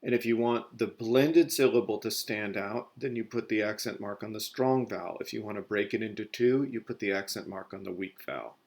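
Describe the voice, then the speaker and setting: A man's voice: on the low side, fairly quick, vocal fry, hardly any pauses, a little mellow. A male Spanish teacher walks through a recorded grammar lesson step by step, correcting himself as he goes. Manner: explains step by step, corrects himself mid-sentence.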